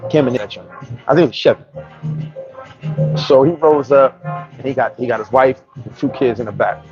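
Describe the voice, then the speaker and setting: A man telling a story in a casual, animated, slangy way and often restarting his sentences. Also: medium pitch, brisk, lo-fi sound, faint music behind. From New York. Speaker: vlogger.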